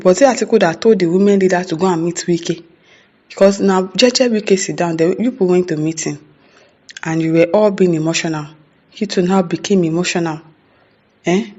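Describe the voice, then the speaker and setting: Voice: mid-range voice, darkish tone, dull audio. A commentator with a Nigerian accent giving casual news commentary. The commentator keeps asking rhetorical questions, adds "eh?" and "hmm?", and laughs between remarks.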